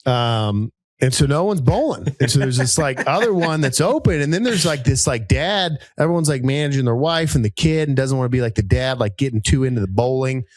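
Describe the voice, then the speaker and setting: A man in his thirties, a podcast co-host telling a rambling, animated story with many fillers and jumps into high voices for people he quotes. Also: fairly quick, few pauses, no echo. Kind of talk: casual storytelling chat.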